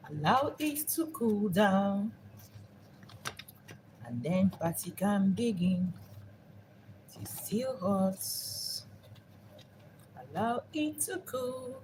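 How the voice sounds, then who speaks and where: A woman's voice: mid-range voice, animated, extremely slow, long pauses, noisy background. A woman hosting a live cooking vlog, talking unhurriedly and repeating herself while she savors the food. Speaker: cooking show host.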